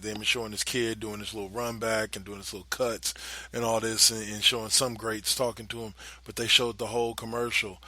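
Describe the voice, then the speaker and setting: Bright, profane man in casual commentary. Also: medium pitch, dry recording. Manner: profane, animated, laughing asides. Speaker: podcast host.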